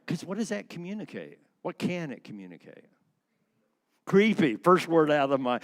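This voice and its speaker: A man in his sixties giving a lively church class talk, acting out voices and laughing often. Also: fairly high pitch. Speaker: church speaker on marriage.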